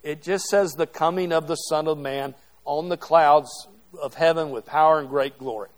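A middle-aged man with a fairly high voice, speaking at normal speed, teaches a Bible class to a group in a classroom or church hall. The lecture is interactive and conversational, and he keeps checking in with "okay?"

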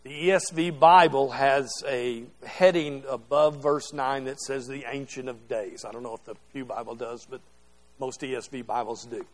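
A middle-aged man with a steady, mid-range voice speaks at normal speed while leading a group Bible class. In a classroom or church hall, he keeps things conversational and interactive, regularly asking "okay?"

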